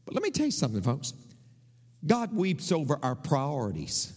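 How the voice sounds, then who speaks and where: A man's voice: huge pitch swings, normal speed, a little mellow. Impassioned male preacher in a reverberant hall. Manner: impassioned preaching, swings from low murmurs to high cries. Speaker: pastor. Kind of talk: sermon.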